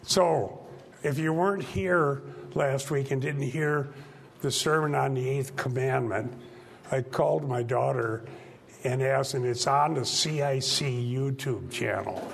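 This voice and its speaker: A gravelly-voiced male pastor speaks quietly to his church class. He talks in short, halting phrases and keeps his volume low. A faint hiss of noise sits under his voice. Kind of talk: informal church teaching talk. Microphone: microphone.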